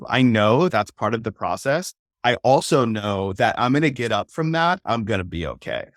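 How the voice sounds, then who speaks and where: A man's voice: mid-range voice, sing-song, normal speed, hardly any pauses, a bit bright, no room sound, studio quality. A man hosting a podcast interview, talking in an earnest, casual way and often checking in with "right?". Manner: earnest, tags points with "right?". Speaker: podcast host.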